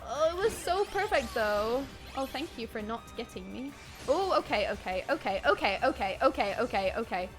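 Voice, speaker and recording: A woman streaming a video game live, chatting with viewers and swinging between quiet muttering and excited shrieks. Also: on the high side, normal speed, faint music behind. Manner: chatty, thanks chat viewers by name. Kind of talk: live gameplay commentary.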